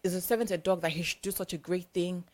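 A woman's voice: fairly low pitch, fairly even intonation, quick pace, darkish tone, natural voice. A woman voicing an indignant male servant. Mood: protesting. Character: trusted male servant, shocked and protesting.

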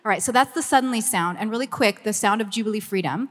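A Los Angeles woman in her fifties with a Southern Californian Valley Girl accent talks fast in a medium, slightly bright voice. As a ministry communications director, she addresses a church gathering in a meeting room, bubbly, effusive and chatty with frequent "like", and then prays. The hall's long reverb lingers on her words.

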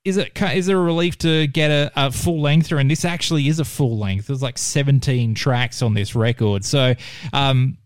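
A man's voice: mid-range voice, moderate pace, clean tone, no echo, clean studio sound. A man hosting a radio interview, friendly, stumbling and repeating words as he asks questions. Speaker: radio host.

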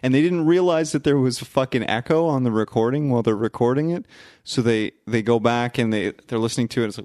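A man talking loosely about a film on a podcast, cursing and cracking jokes as he goes. His voice sits at an ordinary middle pitch. The recording is dry and close, with no room sound around it. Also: brisk, darkish tone, dry recording. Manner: profane, joking, digressive. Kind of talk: casual movie-review chat.

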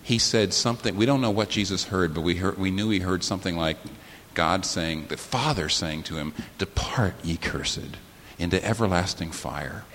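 Preaching fervently as the pastor, a man alternates weighty, slow, low-voiced phrases and pauses with sudden rises to high, loud outbursts. He's in a church sanctuary, and the vast hall adds reverb along with faint hiss.

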